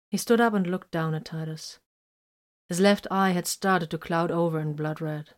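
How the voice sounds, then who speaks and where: A woman narrating a fan fiction story in a measured, softly dramatic way. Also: sits low, fairly even intonation.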